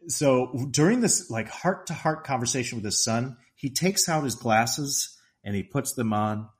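A middle-aged man co-hosting a podcast, retelling movie scenes in an animated way and laughing often. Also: medium pitch, measured pace. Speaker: podcast co-host. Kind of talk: casual film discussion.

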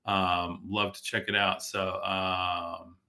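A man talks casually on a live stream, wandering between stories and reading viewer comments. His voice sits on the low side but comes out bright and edgy, a little worn from a long day of talking. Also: little pitch movement, slow, creaky. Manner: rambling, chatty, reads viewer comments aloud. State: losing his voice. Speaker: podcast host reading live chat. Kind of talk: casual livestream talk. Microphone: streaming from a tablet.

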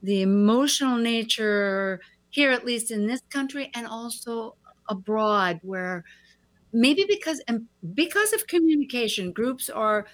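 Woman chiming in, somewhat high voice. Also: expressive, unhurried. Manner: chiming in with agreement and adding ideas. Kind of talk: casual conversation.

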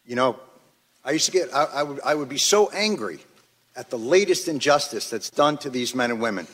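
A man's voice: medium pitch, expressive, a little fast, a bit bright. A man giving angry, emphatic testimony at a hearing in a large chamber. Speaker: witness testifying at a congressional hearing. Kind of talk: impassioned prepared testimony. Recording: long reverb of a large hearing room.

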